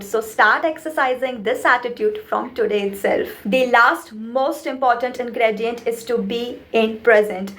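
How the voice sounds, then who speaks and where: A woman's voice: fairly high pitch, a bit bright. A woman mentor giving an earnest motivational talk, counting through her points. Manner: earnest, repeats "trust me", lists points.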